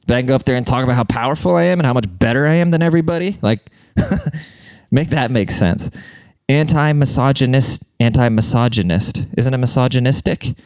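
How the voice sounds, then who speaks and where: A man's voice: mid-range voice, fairly quick, darkish tone, smooth, dry recording. A man ranting in a casual monologue, blunt, profane and mocking.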